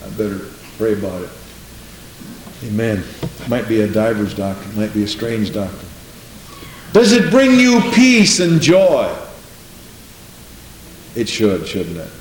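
A man preaching a sermon, animated, swinging from low asides to high exclamations. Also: unhurried, pauses often, distant mic, a little hiss or hum. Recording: roomy echo.

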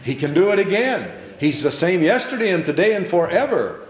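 A male pastor preaching an impassioned sermon in a church, repeating phrases and stumbling into quick restarts as he builds. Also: sits high, big pitch swings, reverberant, poor audio.

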